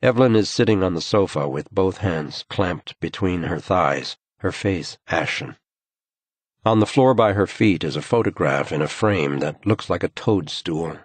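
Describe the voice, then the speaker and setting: Male narrator, very deep voice, slow measured delivery, slightly husky, dry sound. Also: no room sound. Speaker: audiobook narrator. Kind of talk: scripted narration.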